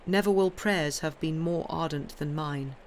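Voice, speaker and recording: A woman voicing a calm, devout male priest with an Italian accent, speaking in a measured, earnest way. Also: low voice, a little hiss or hum, close to an everyday voice. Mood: solemn.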